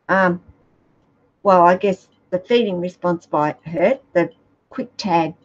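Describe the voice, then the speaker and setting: A woman's voice: fairly low pitch, darkish tone, dull audio. An Australian woman keeping reptiles, chatting casually with viewers in a rambling, hesitant way. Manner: rambling, hesitant, many fillers. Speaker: reptile keeper vlogger. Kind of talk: casual chat answering viewer questions.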